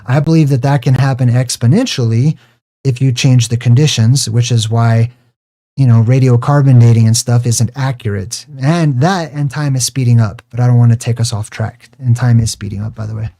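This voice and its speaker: A man with a dark, mellow voice at an ordinary pitch talks through his screen in a loose, rambling lecture. He keeps wandering off on side tangents, then slows right down to draw out single words for emphasis. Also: fairly even intonation, gravelly. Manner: digressive, drifts off on tangents. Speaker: video host.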